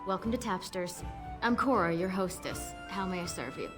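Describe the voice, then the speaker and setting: A polite tavern hostess. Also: female voice, on the low side, expressive, normal speed, fairly bright tone. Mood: welcoming. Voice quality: polite, hospitable, smooth. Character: welcoming female tavern hostess. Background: game music.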